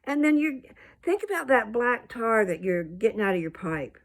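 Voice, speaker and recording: An older woman ranting bluntly to her viewers, scolding and rambling, with her voice jumping up into high indignant peaks. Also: big pitch swings, moderate pace. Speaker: vlogger. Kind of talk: casual rant to camera.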